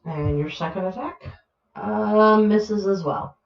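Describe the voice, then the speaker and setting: A woman runs a tabletop game at an unhurried pace, relaxed and filling pauses with ums. Her voice sounds roomy and a little dull, like online call audio. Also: medium pitch, gravelly, music in the background. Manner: relaxed, hesitant with many fillers. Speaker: game master.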